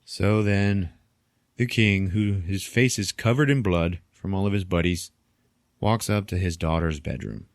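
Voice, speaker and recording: Man, podcast host, low voice, casual film recap, laughs a lot, swears, very dry close sound. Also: unhurried, no echo. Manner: animated storytelling, frequent laughter, swearing.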